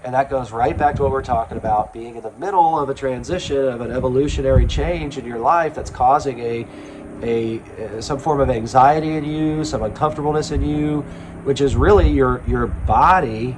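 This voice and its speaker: A man with a mid-range voice delivers a slow, earnest, reflective monologue as a spiritual self-help speaker, pausing often and saying "um." The background is noisy.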